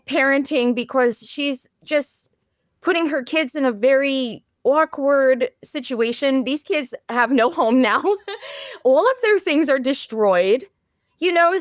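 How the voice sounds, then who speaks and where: A woman co-hosting a movie podcast, chatting casually with quick agreements and playful quotes from the characters. Her voice is a bit high, recorded close and dry. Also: no echo. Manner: frequent short agreements, playful quoting of characters. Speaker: podcast co-host. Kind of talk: casual chat.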